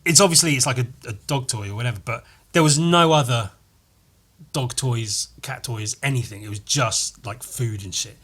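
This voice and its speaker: On his solo comedy podcast, a male host tells a rambling story, correcting himself again and again and tossing in crude jokes. His voice is medium-pitched, slightly bright and husky, at a normal speed.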